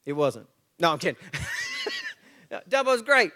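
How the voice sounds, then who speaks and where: Speaking at a moderate pace in a slightly high voice, a man in his forties addresses a church men's breakfast as its guest motivational speaker. He tells stories, performs the dialogue in them and pokes fun at himself, keeping the mood lively and jokey.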